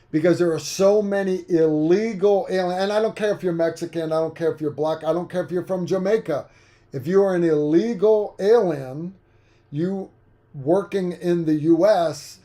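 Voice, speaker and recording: A man's voice: fairly high pitch, dark tone. A man in his fifties hosting a livestream, talking frankly in a rambling way with many fillers and restarts. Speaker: livestream host. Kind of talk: casual livestream chat.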